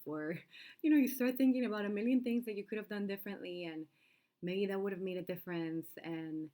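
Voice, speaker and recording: A woman's voice: fairly low pitch, darkish tone. A young woman talking candidly and at length, with many fillers and restarts, as the host of her own talk channel. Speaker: vlog host. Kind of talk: unscripted personal talk.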